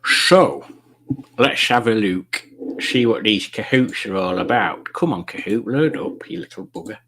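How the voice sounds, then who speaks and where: A man's voice: fairly low pitch, lively intonation, unhurried, a bit bright. A man hosting a casual live-stream quiz night, reading viewer comments aloud in a jokey, rambling way. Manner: jokey, rambling, chuckling at puns.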